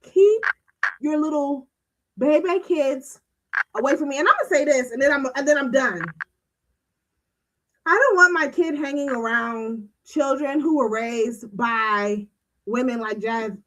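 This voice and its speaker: A woman's voice: high-pitched, a bit bright, poor audio. A woman hosting a streaming talk show, ranting bluntly with a lot of swearing and emphatic delivery. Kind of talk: casual livestream commentary.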